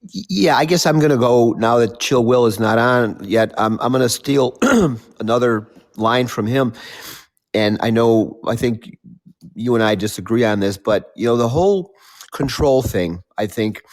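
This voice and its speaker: A man's voice: medium pitch, unhurried. A man on a panel discussion, speaking bluntly and conversationally.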